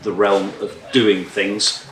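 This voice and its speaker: Deep-voiced farmer giving a talk. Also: male voice, flat delivery, takes it slowly, a bit bright, slight background noise. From Scotland. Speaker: farmer speaker. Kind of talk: conference talk. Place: conference room. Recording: echoey hall, distant mic.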